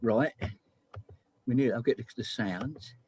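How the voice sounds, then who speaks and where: A man's voice: mid-range voice, slow, a little mellow, slight background noise. A man in casual chat on a video call, explaining things eagerly as a musician sharing songs.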